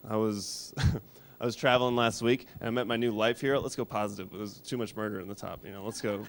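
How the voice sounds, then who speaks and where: A man in his thirties from Colorado doing a stand-up set, delivering dark, absurd one-liners in a deadpan way. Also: lowish voice, fairly quick. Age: 30s. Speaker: stand-up comedian. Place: small studio.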